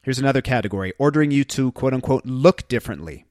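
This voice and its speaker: A man's voice: medium pitch, lively intonation, fast talker, hardly any pauses, a little mellow, no room sound, studio quality. A middle-aged man hosting a parenting podcast, speaking earnestly in a reflective monologue and reading out a list of phrases.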